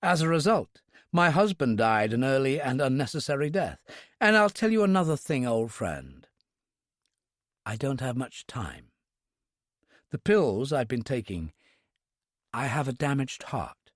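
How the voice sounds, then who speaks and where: A man voicing a grieving older aristocratic woman in an audiobook, quiet, low and determined. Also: big pitch swings, unhurried, pauses often, dry recording, clean studio sound. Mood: steely.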